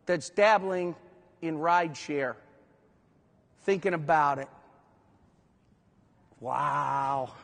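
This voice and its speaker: A man giving an energetic breakout talk at a trade convention, quizzing the crowd and sometimes shouting out to the room. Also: sits high. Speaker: conference speaker. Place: large convention hall. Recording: hall reverb, speaker from far off.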